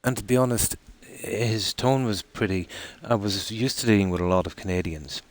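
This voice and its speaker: An Irish man with a notably low, deep voice talks to his live-stream viewers while he plays. He rambles casually, circling back with frequent ums and restarts. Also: normal speed.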